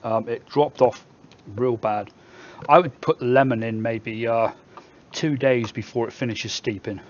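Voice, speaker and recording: A man's voice: mid-range voice, steady tone, measured pace, muffled recording. A man with a Somerset English accent, hosting a casual live stream where he reads viewer comments aloud and jokes back at them. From England.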